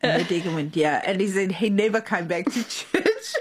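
A woman with a South African accent, chatting as a guest and telling anecdotes. Her voice sits at an ordinary middle pitch for a woman. She jumps into the voices of the people she quotes and laughs often as she talks. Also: normal speed, breathy edge. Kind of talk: conversational storytelling.

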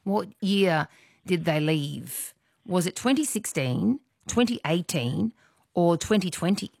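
A woman's voice: lowish voice, lively intonation, slow, vocal fry, a little mellow, no echo, studio quality. An Australian woman hosting a call-in radio quiz, chatty and friendly. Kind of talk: casual radio chat.

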